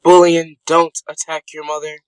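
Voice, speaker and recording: A woman's voice: deep voice, flat delivery, moderate pace, clean tone, dry recording, lightly acted, low-quality recording. A woman playing an impatient family lawyer who speaks curtly and snaps orders, in a school play over a video call. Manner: curt, businesslike, snappish.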